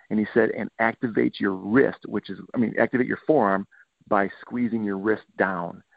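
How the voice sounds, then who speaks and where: Gravelly man on a tinny line. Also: fairly low pitch, no echo. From Michigan. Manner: animated storytelling, acts out players' quotes. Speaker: football coach. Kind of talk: podcast interview. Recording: tinny phone-like line, dry.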